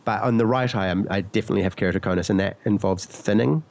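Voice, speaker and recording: A man with a head cold talks in a relaxed, casual chat. His voice sits low and has a gravelly edge. He meanders, stops to hunt for words and corrects himself as he goes. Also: rapid-fire, muffled recording. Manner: rambling, searches for words, self-correcting. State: sick with a cold.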